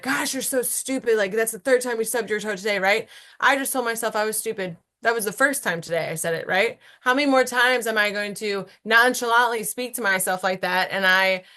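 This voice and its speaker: A woman's voice: mid-range voice, bright, forceful tone. A woman in her thirties, a guest on an interview podcast, talking earnestly and animatedly, often checking in with "right?". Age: 30s. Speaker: guest entrepreneur. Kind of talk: casual interview chat.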